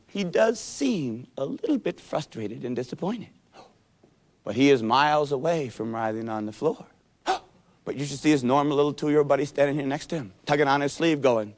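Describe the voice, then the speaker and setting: A man giving a self-help seminar lecture in a folksy, playful storytelling manner. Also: a little high. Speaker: seminar speaker.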